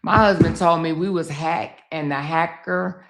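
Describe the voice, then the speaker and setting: A woman's voice: deep voice, steady tone, unhurried, fairly bright tone. A woman hosting a casual livestream, talking straight to her viewers and laughing easily. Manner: chatty, addresses viewers directly. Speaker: livestream host.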